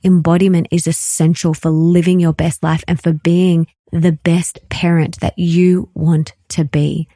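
A woman in her thirties hosting her own podcast, talking earnestly and effusively, repeating phrases and slowing down to stress them. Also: on the low side, little pitch movement, dark tone, no room sound, studio quality. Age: 30s. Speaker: podcast host. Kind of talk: heartfelt solo podcast monologue.

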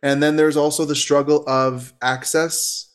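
A man from the United States, a therapist appearing as a guest on a casual podcast interview, talks in a slightly high, smooth voice at a slightly slow pace. He is talkative and animated, with frequent fillers and restarts.

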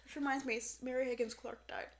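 A woman co-hosting a podcast in casual chat, retelling events in an animated way with lots of fillers. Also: high voice, fairly quick, a little hiss or hum. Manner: animated storyteller, lots of "like" and "so yeah". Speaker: podcast co-host. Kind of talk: casual chat recapping a show.

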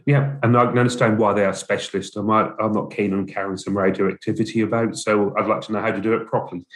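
A man co-hosting a podcast, speaking in a relaxed, plain-spoken way as he moves the talk on to the next topic. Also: on the low side, quick pace. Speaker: podcast co-host, driver agency office manager. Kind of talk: casual chat.

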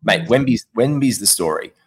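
A young adult man co-hosting a podcast in casual chat, telling stories in a chatty, animated way. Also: mid-range voice, moderate pace, husky. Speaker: podcast co-host.

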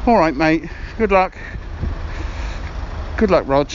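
A man's voice: fairly high pitch, lively intonation, slow pace, dull audio, slight background noise. An actor playing a chatty, fumbling man leaving a voicemail in a comedy sketch, hesitant and full of ums. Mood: awkward chummy.

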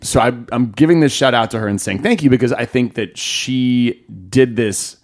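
A man co-hosting a relaxed podcast conversation. His voice sits in an ordinary middle range. He delivers jokes dryly and leans on wry understatement. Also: mid-range voice, normal speed. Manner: dry, joking, wry understatement. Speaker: podcast co-host. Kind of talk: casual chat.

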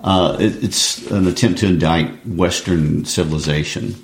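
Man, very low voice, co-host asking prompting questions, recorded with a roomy echo. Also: a little slow. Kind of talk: casual literary discussion.

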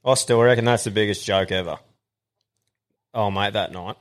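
A man hosting a podcast in casual, crude chat, laid-back and quick to laugh. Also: on the low side. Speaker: podcast host.

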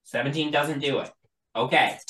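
A game master running a tabletop game, halting and full of ums as the rolls come in. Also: medium pitch, fairly bright tone, roomy sound, poor audio. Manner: halting, lots of ums and likes.

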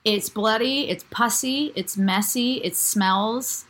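A woman's voice: a little high, slow, fairly bright tone. A woman in a casual chat, explaining her point step by step in a supportive way.

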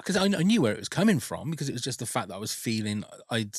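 A man's voice: mid-range voice, big pitch swings, quick pace, husky, no room sound, studio quality. A man hosting a podcast in casual chat, telling personal stories openly and emotionally, with some swearing. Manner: open, emotional storytelling, swears. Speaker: podcast host.

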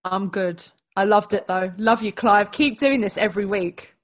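A woman's voice: mid-range voice, moderate pace. A woman with an East London accent, bubbly and giggly in a casual panel chat. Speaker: podcast panelist.

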